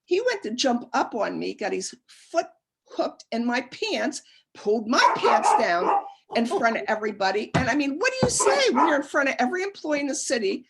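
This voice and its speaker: A woman's voice: sits high, big pitch swings, moderate pace, fairly bright tone, slight background noise. A middle-aged woman giving a humorous lecture, chatty and self-deprecating, breaking into laughter as she tells personal stories.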